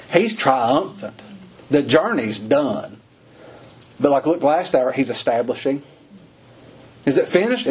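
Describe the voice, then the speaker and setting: Husky folksy preacher man. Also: a little mellow. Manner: folksy, laughs between points, rises high for emphasis. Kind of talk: sermon.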